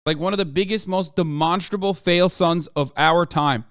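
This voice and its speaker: A man's voice: high voice, moderate pace, a bit bright, no room sound, studio quality. A man streaming a heated, profane and sarcastic rant reacting to the news. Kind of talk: ranting commentary.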